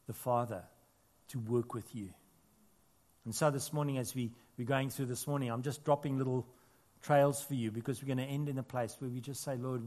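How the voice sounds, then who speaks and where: A pastor with a mid-range voice preaches earnestly in a church. He builds to emphatic peaks, then drops into quiet, intimate asides.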